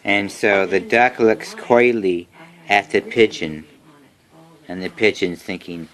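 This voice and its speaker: A man reading a picture book aloud to a child at home, in a slow, gentle storytelling manner. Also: fairly low pitch.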